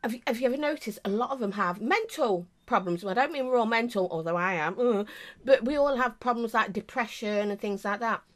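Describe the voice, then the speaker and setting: A woman's voice: a little high, a little fast. A middle-aged woman with an English accent, chatting casually to camera as a vape reviewer, rambling with many asides.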